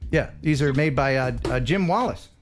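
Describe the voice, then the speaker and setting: A man's voice: mid-range voice, normal speed. Man, American accent, live-stream host, playful, laughs a lot, faint music underneath. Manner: playful, laughs often, reads viewer messages. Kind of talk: casual live-stream chat.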